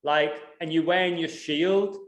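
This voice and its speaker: A man, hosting a casual conversational interview and telling stories in an animated way, acting out quarrels. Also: fairly high pitch, unhurried. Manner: animated storyteller, acts out quarrels. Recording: echoey room.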